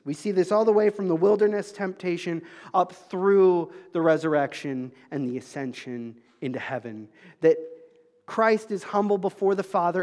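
A man preaching a sermon as pastor, talking conversationally with the congregation and swinging between emphatic calls and soft, low asides. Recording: long hall reverb.

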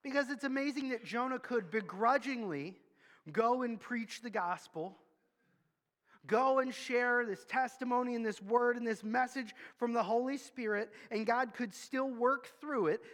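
A man's voice: extremely high pitch, moderate pace, a bit bright. A man preaching a sermon in a candid, conversational storytelling way. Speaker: pastor. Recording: long hall reverb.

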